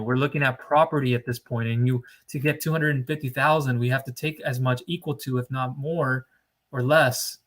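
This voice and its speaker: A man's voice: mid-range voice, a bit bright. A man talks straight to his viewers about business funding in an emphatic, lecturing way. He leans hard on key words and stretches them out to drive the point home. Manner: emphatic, lecturing, drawn-out stresses. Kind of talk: direct-to-camera advice monologue.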